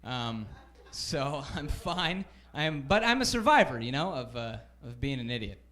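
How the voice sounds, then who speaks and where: A man doing a stand-up comedy set on a club stage, self-deprecating and halting with fillers. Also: medium pitch, big pitch swings, sharp tone.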